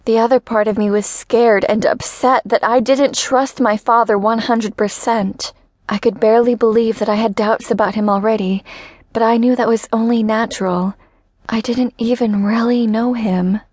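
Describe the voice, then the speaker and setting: A woman's voice: a little high, fairly even intonation, moderate pace, a little mellow, dry recording. Woman narrating a romance audiobook, dry and close. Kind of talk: first-person scripted audiobook narration.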